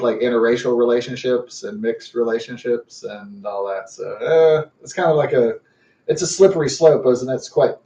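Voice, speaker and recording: A young man rambling in a halting monologue, full of fillers and restarts. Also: medium pitch, a little mellow. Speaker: vlogger. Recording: roomy, muffled, from a distance.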